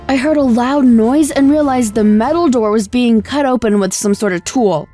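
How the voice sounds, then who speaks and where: A young woman narrating a first-person animated story in a scripted, emotive storytelling delivery. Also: on the high side, normal speed, hardly any pauses, faint music behind.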